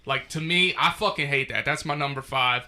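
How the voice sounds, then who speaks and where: A man co-hosting a podcast, ranting loudly and crudely through a countdown list. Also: medium pitch, fairly quick. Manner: loud, crude, animated ranting. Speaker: podcast co-host. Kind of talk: casual profane chat.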